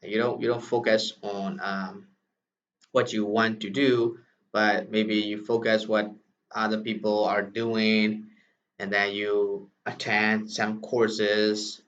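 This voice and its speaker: A man's voice: lowish voice, little pitch movement, takes it slowly, a bit bright. A man with a Burmese accent, native Burmese speaker, teaching a lesson in English, explaining step by step and tagging sentences with "right?". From Myanmar. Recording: distant, dull lo-fi recording.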